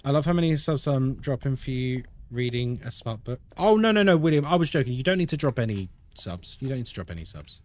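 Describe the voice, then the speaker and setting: A man's voice: medium pitch, lively intonation, fairly quick, few pauses, darkish tone, a little hiss or hum. Chatty British man streaming games. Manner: chatty, laughs a lot, reads chat aloud. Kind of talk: casual live-stream chat.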